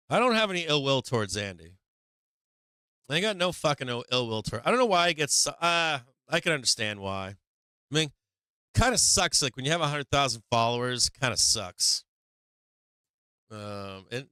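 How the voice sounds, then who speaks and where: A man's voice: on the high side, pushed and bright, clean tone, no room sound. A man hosting a stock market livestream, chatting casually and profanely with his viewers in a rambling way.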